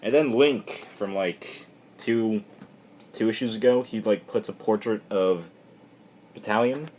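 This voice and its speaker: A man casually recapping a comic book issue on camera in a rambling, irreverent, animated way. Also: on the low side, unhurried, slight background noise.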